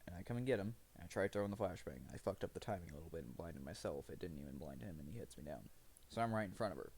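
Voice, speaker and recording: A man's voice: deep voice, lively intonation, racing, a little mellow, a little hiss or hum. A man streaming live, rambling through profane, self-mocking commentary as he plays.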